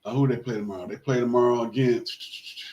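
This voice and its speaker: A man hosts a casual sports talk show in an ordinary mid-range voice. He rambles through shout-outs and congratulations and often restarts his sentences. He steers the talk to the topic of the week. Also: mid-range voice, fairly even intonation, fairly quick. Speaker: host.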